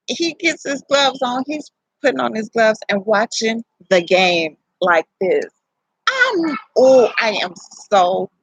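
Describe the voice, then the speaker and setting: A young adult woman, telling a personal story to camera in a candid, profane, animated way. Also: on the high side, husky, dry recording, low-quality recording. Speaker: vlogger.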